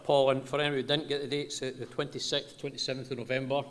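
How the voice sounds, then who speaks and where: A man's voice: mid-range voice, little pitch movement, quick pace. Man hosting an event, faint noise. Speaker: event host.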